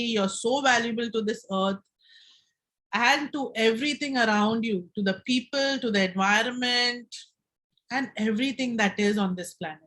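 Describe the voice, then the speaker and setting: Casting: middle-aged woman, fairly high voice, gentle slow guide for breathing and affirmations. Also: poor audio. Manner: gentle, slow guiding instructions. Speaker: wellness speaker.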